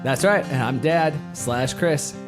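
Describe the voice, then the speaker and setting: A middle-aged man co-hosting a casual sports podcast with his son, upbeat and quick to laugh, often restarting his sentences. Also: mid-range voice, music in the background. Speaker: co-host, father.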